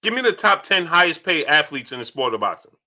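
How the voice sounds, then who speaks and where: A young man hosting a casual live stream, reading viewer chats aloud and answering them in an animated way that repeats itself. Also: on the high side, fast. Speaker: livestream host reading super chats. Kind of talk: casual livestream chat.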